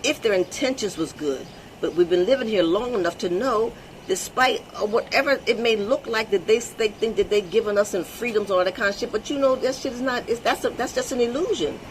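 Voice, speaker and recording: A woman's voice: medium pitch, fairly quick, a little hiss or hum. A woman hosting her own vlog, talking bluntly and emphatically in an unscripted monologue, swearing freely and repeating words as she restarts. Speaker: vlog host.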